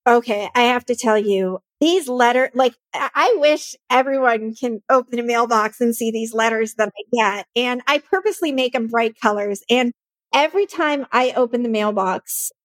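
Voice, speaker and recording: A bubbly woman in her thirties talks earnestly and with feeling as a podcast guest. Her voice sits on the high side. The sound is dry and close. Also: normal speed, no room sound. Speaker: nonprofit founder, podcast guest. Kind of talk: casual interview chat.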